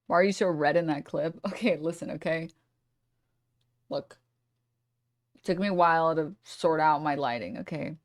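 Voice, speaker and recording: A woman's voice: low-pitched, normal speed, pauses often, no echo, studio quality. A woman streamer reacting to clips in casual commentary, profane and rambling, cutting herself off mid-thought. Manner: profane, rambling, self-interrupting.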